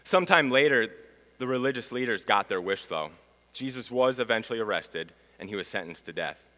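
A man preaches a sermon with a bright, forceful voice. His pitch moves a lot, and he swings from ringing proclamation to quiet, solemn lines. The sound carries a long hall reverb. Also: expressive, a little fast. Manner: dramatic, swings from loud proclamation to hushed. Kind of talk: sermon teaching.

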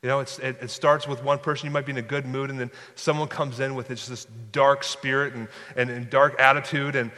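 A man's voice: mid-range voice, level tone, fairly quick, hardly any pauses, pushed and bright. A man preaching a sermon as pastor, conversational and prone to restarting and repeating words. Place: church sanctuary. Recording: long hall reverb.

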